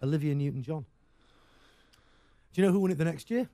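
A man's voice: fairly high pitch, a little fast, mellow, no room sound. An English man hosting a radio show, chatting casually with rambling, jokey banter.

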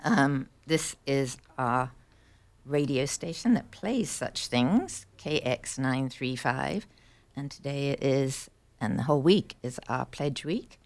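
A woman radio host chatting casually and quickly between songs. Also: a bass voice, animated.

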